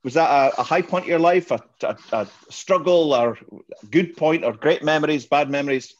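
A man's voice: on the high side, moderate pace, slight background noise. Man interviewing, muffled lo-fi sound. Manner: encouraging, affirming interviewer. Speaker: podcast host. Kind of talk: interviewing a guest.

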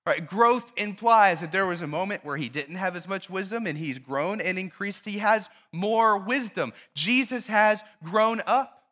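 A pastor delivers a sermon in a church in a high, bright voice. He tells a story in an animated way and keeps asking his listeners questions. The sound is clean and close to the mic. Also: unhurried.

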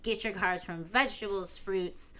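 A woman's voice: medium pitch, steady tone, normal speed, a crowd in the background. A woman co-hosting a podcast who talks candidly in casual chat and swears freely. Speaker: podcast co-host.

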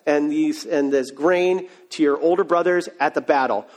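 A man's voice: on the high side, normal speed, long reverb tail, voice pushed down, natural voice. A man voicing a fussy, doting father who hands out food and cheese in a chatty, savoring way. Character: fussy father packing cheese for his sons.

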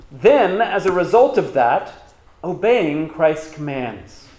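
A man's voice: high-pitched, a little mellow, reverberant. A man pastor preaching a sermon, asking rhetorical questions and reading scripture aloud with emphasis.

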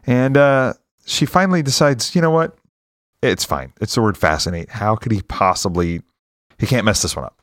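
A man co-hosting a podcast, telling jokes in casual chat and cutting in with quick remarks. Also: fairly low pitch, expressive, dry recording, clean studio sound. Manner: chatty, quick interjections. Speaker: podcast co-host.

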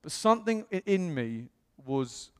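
A man preaching in a chatty storytelling manner, his voice sitting a little high. He slips into lively voices when he quotes people. The sound carries a long reverb from a large hall. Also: a little slow, clean tone. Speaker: pastor. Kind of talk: sermon.

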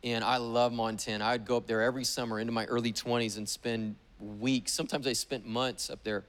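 A man's voice: mid-range voice, level tone, a little fast, fairly bright tone. A man pastor delivering a sermon at a church service, emphatic and declarative, with repeated exhortations. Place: church sanctuary during a service.

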